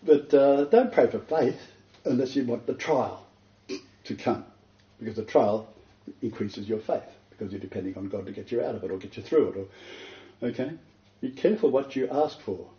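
A man preaching a sermon as pastor, animated and emphatic, often breaking into laughter. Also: medium pitch, normal speed, pauses often, reverberant, muffled recording.

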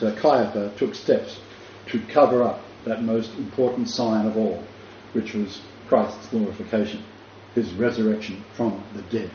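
A man's voice: on the low side, a little mellow. A man teaching a sermon, telling the story vividly with frequent restarts and chuckles. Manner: imaginative, rambling with restarts and chuckles. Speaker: Bible teacher. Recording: dull echoey room with faint noise.

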